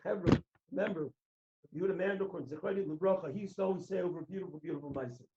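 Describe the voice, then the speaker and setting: A man giving a sermon as a rabbi, an animated storyteller who acts out the voices and shouts at the high points. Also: racing. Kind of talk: sermon with stories. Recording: roomy, dull lo-fi recording.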